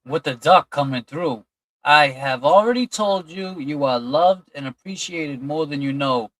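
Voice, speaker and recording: A man's voice: on the high side, unhurried, fairly bright tone, no room sound, rough recording. A man hosting a casual livestream, reading out and thanking chat donors in a loose, chatty way. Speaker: livestream host.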